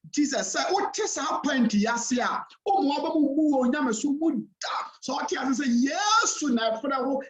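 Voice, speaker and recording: Ghanaian pastor, animated sermon delivery, roomy church echo. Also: male voice, sits high. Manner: preaching in a mix of Twi and English, emphatic repetition. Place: church hall. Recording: echoey church hall.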